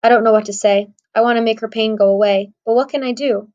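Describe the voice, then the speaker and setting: A woman's voice: a little high, fairly even intonation, fast talker, a little mellow, lo-fi sound. A woman narrating an audiobook in the first person, wry and conversational.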